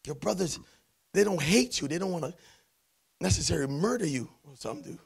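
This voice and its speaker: A man preaching a sermon in church, swinging from hushed tones to loud shouting. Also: high-pitched, animated, brisk, creaky. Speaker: pastor.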